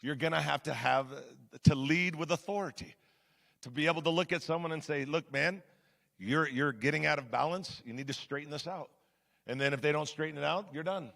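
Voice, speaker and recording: A man preaches to his congregation in a slightly high, gravelly voice with a bright, forceful edge. He talks in a conversational, emphatic way, dropping to a hush and then rising again. The sound rings with the long reverb of a large hall. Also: fairly quick. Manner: conversational, emphatic, shifts between loud and hushed. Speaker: pastor. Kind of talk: sermon.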